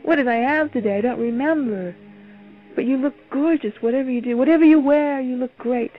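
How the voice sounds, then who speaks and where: A woman voicing a chatty, flattering stomach in a guided meditation, heard over a phone-like line. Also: high-pitched, brisk, pitched above the performer's own voice. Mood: gushing. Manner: bubbly, complimentary. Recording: phone-line radio call, faint music.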